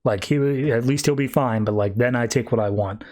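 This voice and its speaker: A mocking death god with a jackal's head, put on by a man recapping a comic. He boasts and taunts in a mid-pitched, offhand way. The voice is close to the speaker's own. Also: normal speed, darkish tone, close to an everyday voice. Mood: bargaining.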